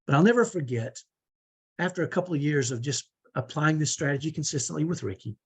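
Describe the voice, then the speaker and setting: A middle-aged man with a fairly high, husky voice coaches parents through a relaxed lesson. He talks in an easy, conversational way and keeps tagging his points with a quick "right?" to check in with his listeners. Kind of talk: teaching talk to parents.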